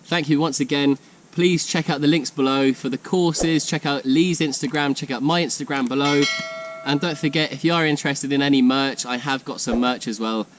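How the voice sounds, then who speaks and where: A man hosting his own channel, chatting in a friendly, relaxed way outdoors. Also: medium pitch, moderate pace, a little hiss or hum. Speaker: channel host. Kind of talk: casual vlog chat. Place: outdoors in woodland.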